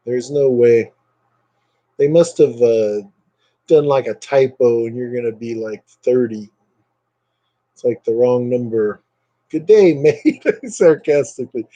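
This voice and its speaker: A man with a warm, mellow voice hosts a casual livestream from home. He rambles easily, pauses on fillers and reads viewer comments aloud in a relaxed way. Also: medium pitch, muffled recording. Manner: relaxed, hesitant with many fillers. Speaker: livestream host.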